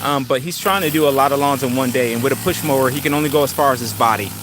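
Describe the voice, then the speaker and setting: A man's voice: medium pitch, racing. A middle-aged man hosting a casual live stream outdoors in a yard on a handheld phone, talking in an easygoing, rambling way with many fillers and greeting viewers. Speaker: channel host. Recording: outdoor traffic and engine noise.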